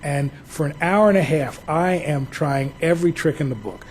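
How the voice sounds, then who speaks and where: A man's voice: on the high side, moderate pace, a little hiss or hum, low-quality recording. A man from New Jersey, a museum director, giving a public talk full of anecdotal, reflective storytelling.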